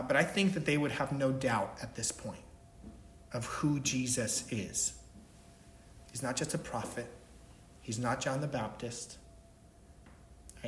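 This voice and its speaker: A man's voice: mid-range voice, echoey room, slight background noise. A man preaching a sermon, emphatic, stressing his points and checking in with "right?". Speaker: pastor.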